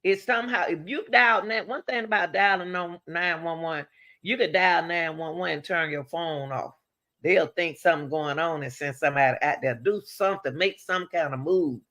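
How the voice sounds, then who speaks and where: A woman giving casual true-crime commentary, talking straight to her viewers with rhetorical questions and lively swings between high exclamations and low asides. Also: normal speed.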